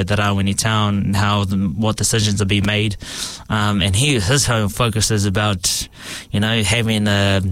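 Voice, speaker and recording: A man's voice: medium pitch, smooth, no room sound. A man from New Zealand's East Coast with a New Zealand accent, a stage actor chatting relaxedly about his roles. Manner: relaxed and chatty, with many fillers and restarts. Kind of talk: casual interview talk.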